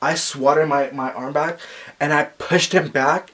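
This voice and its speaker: A young man telling a story casually, animated and gossipy, filling his talk with "like" and acting out the quotes loudly. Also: moderate pace. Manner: animated, acts out quotes with sharp jumps in pitch and volume; gossipy, frequent "like" fillers. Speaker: vlogger.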